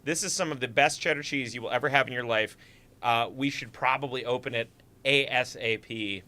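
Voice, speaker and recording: A man's voice: medium pitch, brisk, pushed and bright. A man from Superior, Wisconsin, a guest musician joking dryly in casual livestream chat. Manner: dry joking banter.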